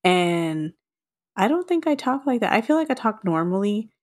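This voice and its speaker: A woman from Texas co-hosting a podcast, chatting casually with frequent laughs and quick asides. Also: medium pitch, very animated. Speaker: podcast co-host. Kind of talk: casual chat.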